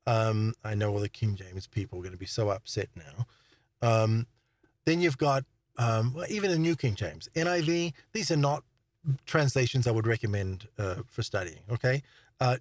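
A man's voice: mid-range voice, normal speed, no room sound. A man giving an informal Bible teaching talk, emphatic, stressing words and checking in with his listeners. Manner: emphatic, repeats words for stress, asks "all right?".

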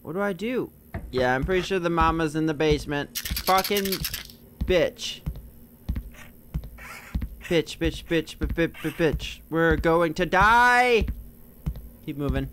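A man commenting while he plays a horror game, swearing a lot and yelling when scared. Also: fairly high pitch, measured pace, pauses often, background noise. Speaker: YouTube gamer. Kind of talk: let's play commentary.

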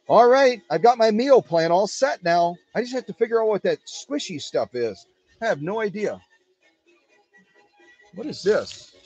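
A man from Wisconsin hosting a casual live stream from his home workshop, chatting to his viewers in an animated way. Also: high voice, breathy edge. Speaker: live-stream host of a sewing machine restoration channel.

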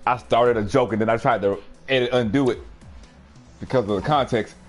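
A young man streaming a fighting game, telling a rowdy story in a casual, animated way with frequent laughter and sudden excited outbursts. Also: medium pitch, fairly quick, faint music behind.

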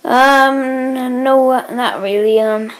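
A woman's voice: high-pitched, fairly even intonation, takes it slowly. A young woman playing a confused field reporter in a homemade comedy skit, hesitant and full of ums. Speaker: sports reporter.

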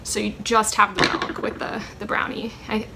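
A woman's voice: mid-range voice, flat delivery, moderate pace, gravelly, background noise. A young woman chatting casually in a rambling way with many ums as she answers questions for her vlog at home. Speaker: vlogger answering a question tag. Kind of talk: casual chat.

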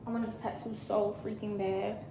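In her home kitchen, a young German vlogger cooks and chats frankly with her audience in a relaxed way. Her mid-range voice is mellow and flat, moving at a normal pace, with reverb and a bit of background noise.

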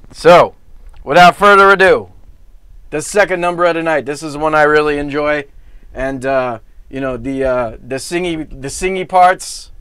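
A man's voice: fairly high pitch, a bit bright, smooth, no room sound. A man with a Bronx accent hosting a live holiday variety show as a lounge singer, with brash, wisecracking stage patter between songs. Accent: New York (Bronx).

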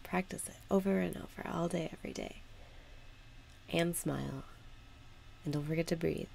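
A woman guiding a meditation with calm, unhurried spoken instructions. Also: low voice, creaky, a little hiss or hum. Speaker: meditation guide. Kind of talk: guided meditation.

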